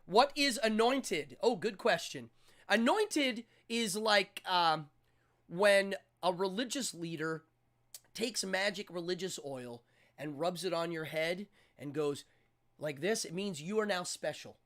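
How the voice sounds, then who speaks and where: A man's voice: sits high, fairly bright tone. A man hosting a live show, chatting casually in an upbeat, rambling way and laughing easily. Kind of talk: casual live-stream chat.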